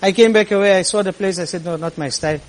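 Male storyteller, high pitch, lively delivery that acts out the dialogue. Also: quick pace, poor audio. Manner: animated, quotes people in lively voices. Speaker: speaker telling a personal story. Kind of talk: storytelling talk to an audience.

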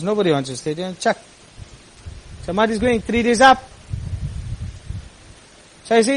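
High-voiced imam preaching. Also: male voice, a little fast, long pauses, poor audio. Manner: earnest, climbs to impassioned high exclamations. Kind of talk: storytelling sermon.

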